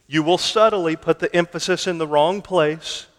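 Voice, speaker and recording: A man preaching a sermon, deliberate and emphatic, stretching key words for weight. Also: on the high side, a bit bright. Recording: long hall reverb.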